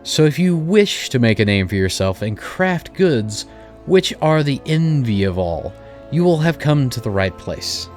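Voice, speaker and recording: A man's voice: mid-range voice, very animated, a little slow, a little mellow, faint music behind, voice pushed up. Man reading as a long-winded guild receptionist. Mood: formal. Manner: reading game dialogue aloud in a stately tone.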